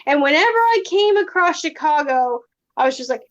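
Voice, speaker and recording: A young woman with a high voice co-hosts a casual chat. She halts and repeats words as she gets her sentences going. The audio sounds dull and muffled. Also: animated, fairly bright tone. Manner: halting, repeats words while starting sentences. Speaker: podcast co-host.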